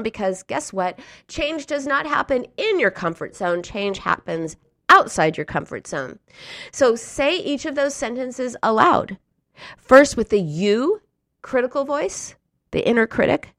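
A woman's voice: medium pitch, a bit bright, no echo, studio quality. A woman giving an earnest, encouraging coaching talk to listeners, now and then acting out a harsh inner voice. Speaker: speaker on emotional eating.

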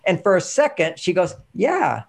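A man coaching parents on emotions, telling stories and acting out the dialogue in an animated way. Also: fairly high pitch, brisk. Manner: animated storytelling, acts out dialogue. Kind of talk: instructional talk with anecdotes.

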